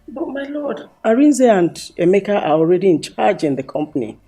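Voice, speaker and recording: A woman's voice: medium pitch, sing-song, normal speed, dark tone, slightly rough, faint music behind. A deferential queen. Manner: deferential, earnest. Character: middle-aged queen, respectful devoted wife. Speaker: queen and mother. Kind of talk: film acting.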